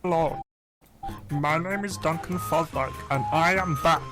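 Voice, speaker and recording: A man puts on a puffed-up male "motion expert" with a mock German accent, who boasts in stilted, broken phrases. His voice sits fairly high, with faint game music running underneath the gameplay recording. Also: a little slow, natural voice. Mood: boastful.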